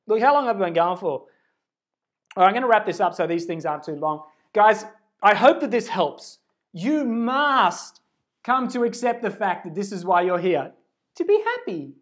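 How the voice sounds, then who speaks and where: A man's voice: high voice, moderate pace. Earnest rambling man on a livestream. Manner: earnest, rambling, swings from hushed to loud and excited; blunt and swears casually. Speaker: spiritual self-help speaker. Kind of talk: livestreamed motivational talk. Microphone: phone camera.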